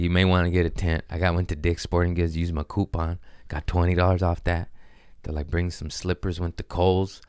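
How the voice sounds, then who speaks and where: Low-voiced man telling profane stories. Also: clear, resonant tone, dry recording, studio quality. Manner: profane, self-mocking, animated with quoted voices. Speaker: podcast host. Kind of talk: comedic storytelling.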